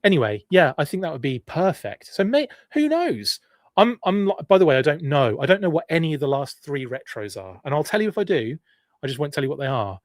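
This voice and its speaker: A man's voice: on the high side, big pitch swings, fairly quick, no echo, clean studio sound. A well-spoken English man hosting a live stream in a rambling, chatty way, reading out viewer comments and going off on asides. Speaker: podcast host.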